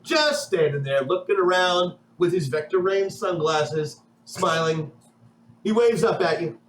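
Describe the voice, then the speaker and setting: A man's voice: high-pitched, animated, measured pace, a bit bright, reverberant, slight background noise, rough recording. A man narrating a tabletop game as game master in a playful, rambling way.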